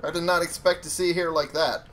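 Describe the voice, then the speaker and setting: A man's voice: fairly high pitch, fairly even intonation, fairly quick, fairly bright tone, slight background noise. A young man casually commenting on a video game he is playing, talking to his viewers and swearing freely. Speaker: gaming YouTuber.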